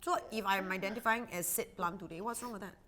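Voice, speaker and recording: A woman's voice: medium pitch, fast talker, pushed and bright. A young woman co-hosting a podcast in casual chat, bantering and laughing often, tossing in "lah" at the ends of her sentences. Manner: bantering, laughs a lot, drops "lah" particles. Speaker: podcast co-host.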